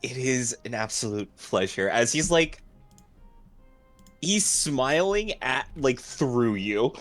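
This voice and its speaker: A man's voice: mid-range voice, lively intonation, takes it slowly, a bit bright, faint music behind. A man playing a tabletop game, talking casually and a little apologetically. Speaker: player.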